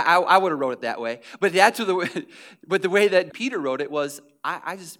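A man with a notably high voice preaches to his congregation in a loose, conversational way. He circles back on key phrases, stumbles into restarts and pushes on with earnest emphasis. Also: animated, a little fast, a bit bright. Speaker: pastor. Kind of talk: sermon.

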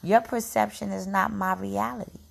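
A young adult woman with a gravelly voice, speaking in an emotional personal monologue to camera, repeating phrases and sometimes dropping to a whisper. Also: mid-range voice, fairly even intonation, moderate pace. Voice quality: gravelly, heavy vocal fry.

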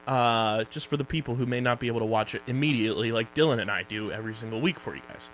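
A young man co-hosts a casual podcast, his voice sitting at an ordinary mid pitch. He jokes loosely and reels off plugs and sponsor reads. A faint hum runs under the recording. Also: quick pace. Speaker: podcast co-host.

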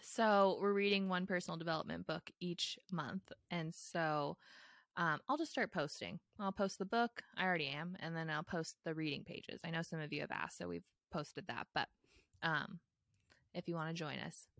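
Young woman musing in a low, dry voice. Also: moderate pace, fairly bright tone, no room sound. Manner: reflective, lots of fillers, laughs easily. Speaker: podcast co-host. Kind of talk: casual chat.

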